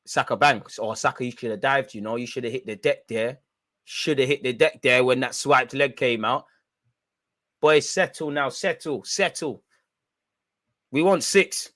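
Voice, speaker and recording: A young man hosting a football watch-along, reacting loudly in slangy, shouty commentary. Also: medium pitch, measured pace, no echo. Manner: excitable, shouty and slangy, chanting and yelling at the referee.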